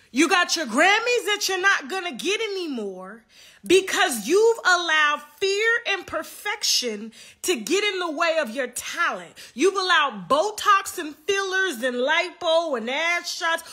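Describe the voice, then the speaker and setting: Slow, emphatic woman ranting on a livestream. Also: very high-pitched, sharp tone. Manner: emphatic, repetitive, taunting. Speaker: online show host. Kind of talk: livestream commentary rant.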